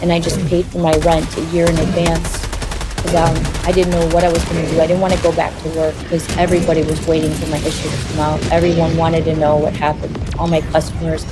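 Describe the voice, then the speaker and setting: A woman telling her personal story in an interview, in a halting, confessional way. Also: deep voice.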